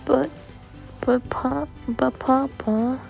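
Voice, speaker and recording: A woman's voice: high-pitched, fairly even intonation, extremely slow, gravelly, darkish tone, lo-fi sound, soft background music, voice pushed up, exaggerated voice. A woman voicing a scared four-year-old boy who whimpers and pleads. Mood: frightened.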